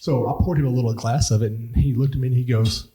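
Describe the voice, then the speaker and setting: A man's voice: medium pitch, steady tone, quick pace, dark tone. A man hosting a podcast, chatting casually, telling anecdotes, and giving frequent short agreements. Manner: chatty storyteller, backchannels often. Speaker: podcast host.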